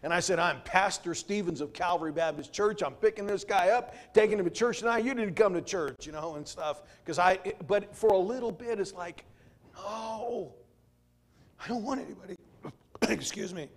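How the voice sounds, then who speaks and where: A man's voice: sits high, fairly quick. A man preaching a revival sermon, telling a personal story and then reading scripture with rising emphasis. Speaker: guest preacher.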